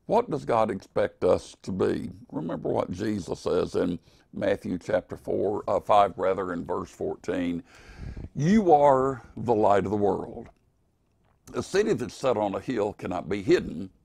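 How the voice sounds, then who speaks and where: An older man preaching an evening devotional in a slow, earnest, emphatic way. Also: fairly low pitch, expressive, gravelly, darkish tone, slightly rough, no echo.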